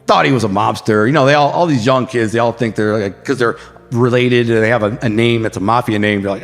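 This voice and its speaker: An American man from the Detroit area, a podcast guest telling crime stories in a casual, animated way and acting out gunshots and quotes. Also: mid-range voice, quick pace, long reverb tail, faint music behind. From Detroit area, USA.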